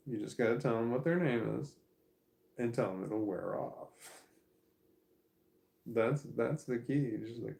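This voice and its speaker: Casual vlogger: young man, gravelly, rambling, loose and profane, mid-range pitch. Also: measured pace, pauses often, a little mellow, rough recording. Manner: rambling, laughs often, swears casually.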